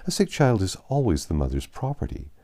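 A man reading a classic novel aloud, voicing a calm, sensible woman who speaks gently and reasons with her sister. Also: lowish voice, brisk. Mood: soothing.

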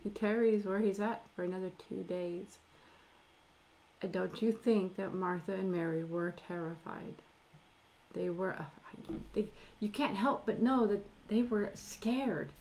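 A middle-aged woman preaching a sermon, emphatic, drawing out key words and dropping to soft near-whispers at times. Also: mid-range voice. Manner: emphatic, with slow drawn-out stresses and soft near-whispered asides.

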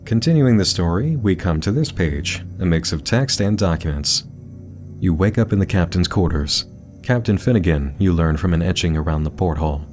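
A deep-voiced man hosts a narrated video essay and explains at a steady pace. Faint music sits under his voice. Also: moderate pace. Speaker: host.

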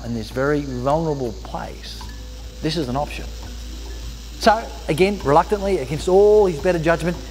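A man's voice: a little high, a little mellow, slight background noise. A man telling a parable in an educational talk, emphatic and conversational. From Australia. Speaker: storyteller, speaker. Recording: long hall reverb, faint music.

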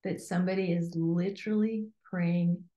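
A woman coach speaking as an interview guest, talking emphatically and in an animated way, often acting out imagined inner voices. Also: fairly low pitch, moderate pace, echoey room, highs cut off.

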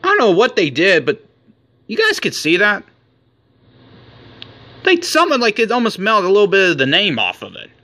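A man in his forties with a bright, forceful voice that sits a little high, talking through a trading-card opening. He reels off names in quick lists and gets worked up, saying he is shaking. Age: 40s. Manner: rattles off names in a running list; excitable, says he is shaking. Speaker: card collector opening packs. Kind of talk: casual unboxing commentary.

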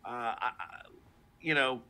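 Bright-voiced animated voice actor. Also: male voice, mid-range voice, unhurried, smooth. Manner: animated, laughs often, slips into character voices. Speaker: voice actor guest. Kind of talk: casual interview.

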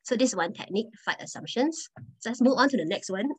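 A woman's voice: on the high side, animated, fast, a little mellow, breathy edge, rough recording. A woman guest speaker telling personal stories in a presentation talk, conversational and earnest, often restarting her phrases.

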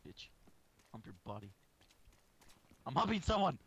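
A young man chatting casually with friends while gaming, loud, excitable and quick to swear and laugh. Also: a little high, slightly rough. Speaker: gamer. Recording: noisy game-chat recording.

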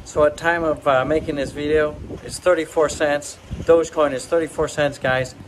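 Male channel host, slightly high voice, hyped pep-talk delivery, repetitive and rallying, with shouted chants. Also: fairly even intonation, moderate pace, slight background noise, low-quality recording. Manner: bursts of loud high shouts.

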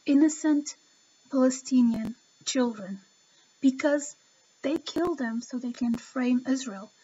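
Breathy, high-voiced impassioned woman vlogger. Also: warm tone, lo-fi sound. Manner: impassioned, emotional, talks straight to the viewer. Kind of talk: opinion vlog commentary.

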